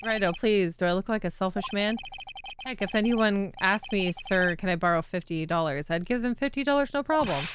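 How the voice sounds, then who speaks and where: A woman's voice: medium pitch, a little fast, noisy background, natural voice. Broke, eager police detective, read by a woman. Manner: reads game dialogue aloud plainly. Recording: game music behind voice.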